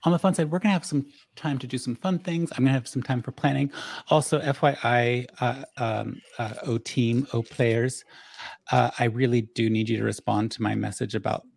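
Gravelly, husky-voiced game master; rambling, self-mocking host patter, close dry sound. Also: male voice, mid-range voice, fairly even intonation, fairly quick, a little mellow, no room sound. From Southern Oregon. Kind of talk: casual announcements before a tabletop game.

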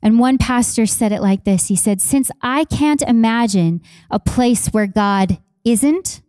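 Woman pastor, sermon delivery, fairly high voice with a warm, mellow tone, dry sound, repeats lines for emphasis. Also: measured pace, no echo. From Canada. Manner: passionate, repeats phrases for emphasis, conversational asides to congregation. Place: church.

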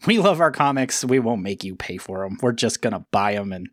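A man's voice: lowish voice, expressive, fairly quick, no echo, clean studio sound. A man co-hosting a comics podcast, chatting casually and tossing in joking asides. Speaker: podcast co-host. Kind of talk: casual chat.

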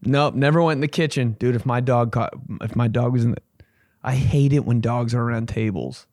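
A man's voice: brisk, darkish tone, no echo, studio quality. A young man hosting a comedy podcast, telling a rambling, profane story and jumping into silly voices. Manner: profane, rambling, acts out voices with big pitch jumps.

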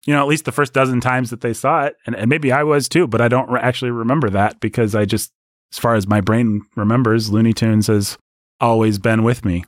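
Animated podcast co-host, man, dry close-miked sound, mid pitch. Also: brisk, dry recording. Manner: animated, jumps into high mock voices for jokes. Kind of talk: casual podcast discussion.

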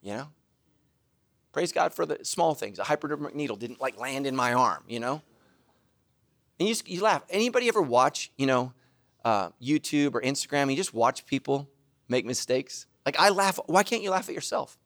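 A middle-aged man preaching a sermon as pastor, joking, laughing at himself and breaking into loud shouted asides. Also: medium pitch, lively intonation, normal speed.

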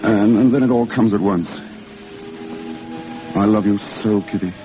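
An actor playing a boyish, lovestruck young man in 1940s radio acting, earnest and halting. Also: lowish voice, lightly acted. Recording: narrow-band old radio broadcast with music.

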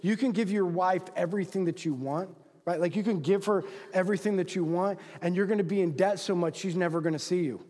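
A man's voice: a little fast, a little mellow. A man preaching a sermon to men, casual and conversational, throwing rhetorical questions to the crowd and acting out quoted voices. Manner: acts out quoted voices with big pitch swings. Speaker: pastor. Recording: long hall reverb.

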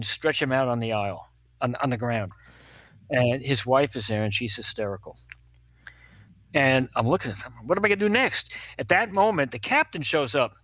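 An older pediatrician, appearing as a guest, tells funny anecdotes with plenty of animation, acting out other people's voices and laughing at his own stories. His voice is medium-pitched, with no room sound.

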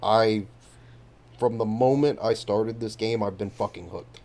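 A man's voice: fairly low pitch, unhurried, gravelly, darkish tone. A man co-hosting a casual podcast, enthusiastic and casually swearing. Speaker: podcast co-host.

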